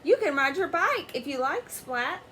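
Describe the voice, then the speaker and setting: A woman voicing a kind mother cat who speaks gently and reassuringly in a storybook read-aloud. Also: high-pitched, sing-song, moderate pace, a little hiss or hum. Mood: gentle.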